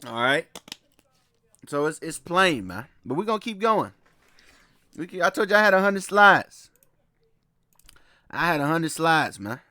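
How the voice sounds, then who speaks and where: A man's voice: a little high, sing-song, unhurried, pauses often, bright, forceful tone, dry recording. A man giving a casual lecture from slides, loose and repetitive, often laughing and checking in with his listeners. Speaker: presenter walking through slides.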